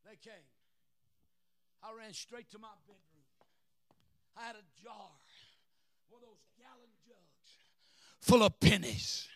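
High, gravelly-voiced shouting preacher. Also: male voice, steady tone, takes it slowly, pauses often, slight background noise. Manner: shouting, chanting preaching with call-and-response. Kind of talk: sermon.

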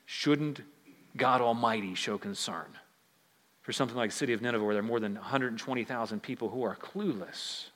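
A man voicing a patient God who calmly reasons with a prophet, in a reverberant hall. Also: medium pitch, a little fast, voice pushed down, natural voice. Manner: calm, patient questioning.

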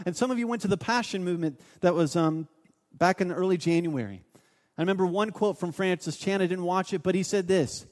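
Male pastor, fairly high voice, preaches with stories, swings from loud to hushed, church reverb. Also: moderate pace. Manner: storytelling, shifts between loud urging and hushed asides. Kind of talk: sermon.

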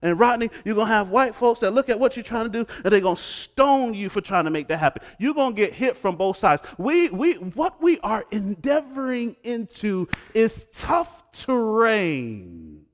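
Animated man preaching a sermon. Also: high-pitched, normal speed, hardly any pauses. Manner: animated preaching, swinging from loud to hushed. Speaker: pastor.

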